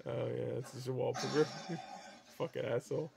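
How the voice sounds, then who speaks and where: A woman hosting a meme reaction video, cursing freely, laughing loudly and yelling back at the clips. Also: extremely low pitch, steady tone, normal speed, creaky, a little hiss or hum. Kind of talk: casual meme reaction commentary.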